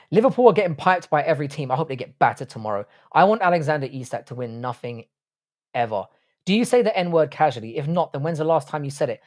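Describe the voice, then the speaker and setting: A man's voice: a little high, expressive, fast talker. British-accented male streamer, blunt crude banter, casual live-stream chat. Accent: British English. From Ireland, raised in England. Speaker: university professor.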